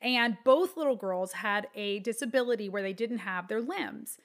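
A woman's voice: medium pitch, normal speed. A woman in her thirties with a Texan accent, speaking as an interview guest and telling a heartfelt personal story with lots of fillers. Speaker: guest, children's book author. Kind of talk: conversational interview.

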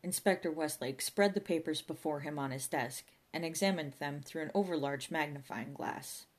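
A woman narrating a comic novel as an audiobook, with a dry, deadpan delivery. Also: low-pitched, moderate pace.

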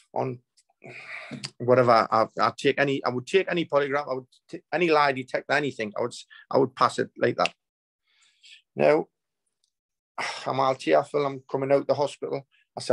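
A man's voice: medium pitch, normal speed, pauses often, no room sound, poor audio. A man, a healer telling a story as the guest, rambling with repeats and broken restarts. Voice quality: gravelly. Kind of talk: emotional storytelling.

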